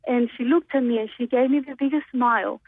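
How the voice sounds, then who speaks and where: A woman's voice: on the high side, steady tone, fairly quick, breathy edge. A nervous woman calling in from Australia to a radio show, telling a story with many hesitant ums. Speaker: radio caller. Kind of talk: call-in storytelling. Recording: tinny phone line.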